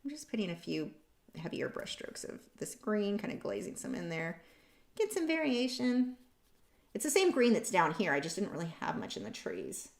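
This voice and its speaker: A woman's voice: medium pitch, sing-song, normal speed, gravelly. Chatty woman in a roomy space. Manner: chatty and candid, rambling with frequent ums and likes; frank and opinionated. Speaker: artist hosting a painting livestream. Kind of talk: casual chat while painting. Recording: roomy echo.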